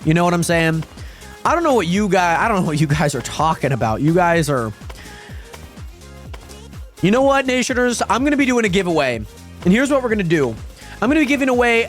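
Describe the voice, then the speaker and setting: A young man live-streaming a game, chatting casually with his viewers and breaking into excited yelps when the action heats up. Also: high voice. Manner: chatty, addresses viewers constantly, yelps excitedly during fights. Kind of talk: casual gaming livestream chat. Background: faint dance pop music.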